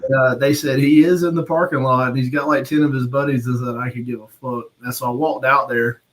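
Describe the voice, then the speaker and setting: A man with a drawl, recounting an old bar fight on a live stream. He talks bluntly and swears freely, breaking into laughs at his own story. His voice sits at a middle pitch. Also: steady tone, a little fast, slight background noise, low-quality recording. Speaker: podcast host.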